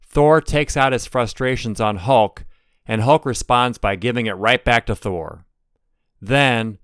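A man's voice: fairly low pitch, fairly bright tone, smooth, no room sound, studio quality. A middle-aged man hosting a devotional podcast, explaining things earnestly. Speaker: podcast host.

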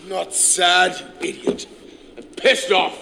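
An actor playing a frustrated thunder god hero who snaps and shouts sarcastically, in a film clip. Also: male voice, sits high, steady tone, unhurried, vocal fry, heavily acted. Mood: angry. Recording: film clip, noisy and echoing. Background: noise.

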